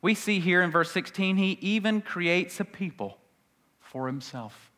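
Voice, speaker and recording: A male pastor preaching a sermon, swinging between loud emphatic peaks and hushed, low phrases. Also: expressive, a little slow. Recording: long hall reverb.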